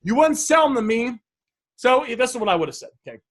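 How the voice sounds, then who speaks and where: A man's voice: very high-pitched, big pitch swings, a little fast. A man coaching viewers on sales messages, enthusiastic and repetitive, often addressing them as guys.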